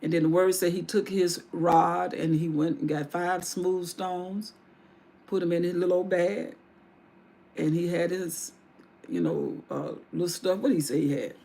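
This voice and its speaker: A woman's voice: lowish voice, unhurried, warm tone. A woman hosting a livestream, retelling a Bible story in casual everyday speech with asides. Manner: casual vernacular with restarts and asides. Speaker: livestream host.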